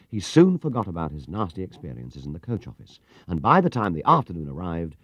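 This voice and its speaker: A man narrating a children's storybook in a lively, expressive reading. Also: low voice, no echo. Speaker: audiobook narrator. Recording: muffled 1970s cassette recording.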